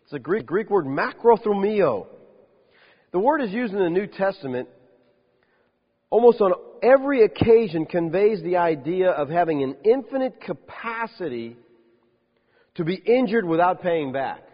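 Man, pastor, sermon, high husky voice, rhetorical questions, dry asides, muffled lo-fi recording. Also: normal speed. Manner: animated preaching with rhetorical questions and wry asides. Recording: dull lo-fi sound with long reverb.

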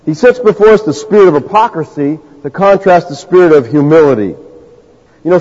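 Husky high-voiced preacher in a hall. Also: male voice, darkish tone. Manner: conversational preaching, acts out the people he quotes. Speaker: pastor. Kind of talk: sermon. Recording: lo-fi recording with long reverb in a hall.

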